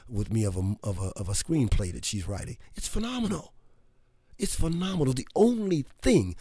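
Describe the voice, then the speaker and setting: A man's voice: mid-range voice, mellow, breathy edge, no room sound. A man hosting a motivational radio show, talking in a folksy, upbeat way and joking with listeners from a studio. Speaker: radio host.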